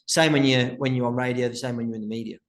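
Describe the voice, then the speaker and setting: A man's voice: medium pitch, steady tone, racing, echoey room. A man with a Birmingham accent, hosting a podcast interview in a friendly, joking way. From West Midlands, England. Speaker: podcast host.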